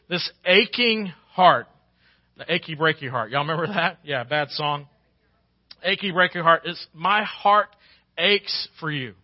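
A man's voice: a little high, dry recording, highs cut off. A man preaching a sermon as pastor, folksy and conversational, rising to emphatic peaks.

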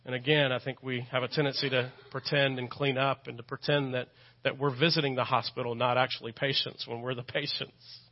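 A man's voice: medium pitch, little pitch movement, a little fast, dull audio. A man with a Texan accent preaching a sermon as a pastor, earnest and conversational, repeating phrases for emphasis and dropping in self-deprecating asides. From Texas. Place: church sanctuary.

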